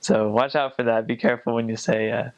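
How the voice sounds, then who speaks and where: A man's voice: mid-range voice, steady tone, fairly quick, creaky, dull audio. Rambling young man with lots of laughs. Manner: rambling, laughs often, many fillers. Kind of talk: casual chat.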